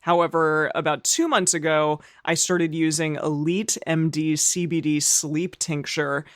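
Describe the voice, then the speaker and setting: A man co-hosts a podcast in a fairly high voice. He reads ads in an upbeat, chatty, informal way. The recording is close and dry. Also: flat delivery, unhurried, a bit bright, no echo. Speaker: podcast co-host. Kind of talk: casual podcast chat with ad reads.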